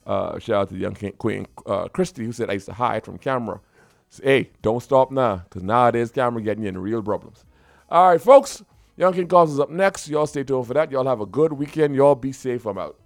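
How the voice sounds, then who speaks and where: A man's voice: mid-range voice, lively intonation, fairly quick, creaky. A man hosting a radio show in casual, playful banter, laughing often and slipping into local dialect. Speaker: radio host. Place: radio studio.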